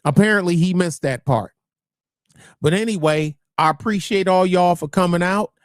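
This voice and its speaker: A man's voice: high-pitched, normal speed, clear, resonant tone, no echo, clean studio sound. A man hosting a livestream, talking bluntly and profanely in rambling commentary that keeps restarting phrases. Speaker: livestream host.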